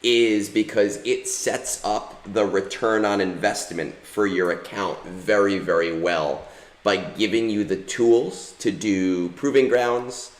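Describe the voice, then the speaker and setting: Brief: low-voiced, unhurried male streamer, rambling, filler-heavy, in a roomy echoing space. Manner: rambling, many fillers and restarts. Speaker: gaming streamer. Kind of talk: casual livestream commentary while playing.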